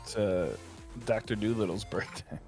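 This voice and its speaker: A man co-hosting a gaming morning show with dry, deadpan jokes. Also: on the low side, normal speed, faint music behind. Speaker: co-host. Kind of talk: casual radio chat.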